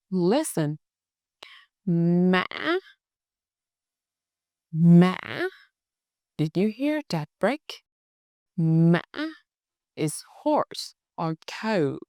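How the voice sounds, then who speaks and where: A Vietnamese woman with a Hanoi accent teaching a language lesson, patient and encouraging, modelling each word slowly for learners to repeat. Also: fairly low pitch, sing-song, a little mellow, no echo, clean studio sound. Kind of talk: slow, clear tone lesson with drills.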